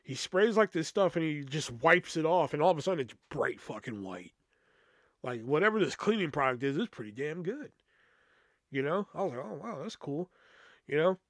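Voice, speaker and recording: High, lively young guy telling stories. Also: moderate pace, dry recording, clean studio sound. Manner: rambling, heavy swearing, lots of fillers. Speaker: podcast host. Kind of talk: casual comic storytelling.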